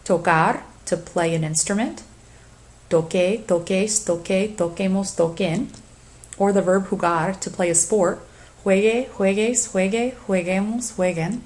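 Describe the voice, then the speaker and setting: A woman teacher giving a recorded lecture for a flipped class, slowly reading lists of verb forms and giving assignments. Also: mid-range voice, fairly even intonation, darkish tone. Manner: deliberate, reads conjugations aloud in lists. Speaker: Spanish teacher.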